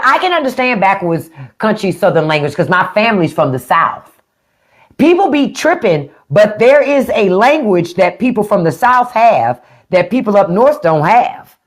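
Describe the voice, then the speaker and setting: A middle-aged woman from the Washington DC area hosts a casual livestream chat. She speaks at an unhurried pace, and her pitch rises and falls in a lively way. She drags words out as she plays with them. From DMV area (Washington DC region). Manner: chatty, drawn-out word play, frequent laughs. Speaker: livestream host.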